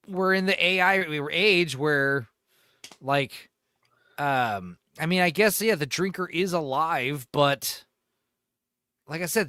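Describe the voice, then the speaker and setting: A man hosts a casual livestream, rambling through his points with plenty of fillers. His voice is fairly high and bright, and it swoops around a lot. The sound is dry and close. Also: clean tone, dry recording. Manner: rambling, animated, many fillers. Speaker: host.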